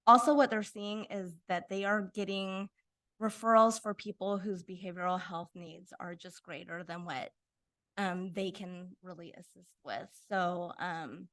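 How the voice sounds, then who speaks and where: Loose, halting woman council member. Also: lowish voice, fairly even intonation, a bit bright. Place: city council chamber.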